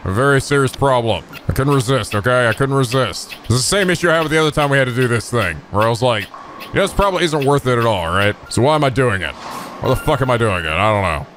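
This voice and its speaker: Slight background noise accompanies a fast-talking man with a medium pitch. As a let's play host, he delivers excitable gaming commentary laced with profanity and mock-angry trash talk.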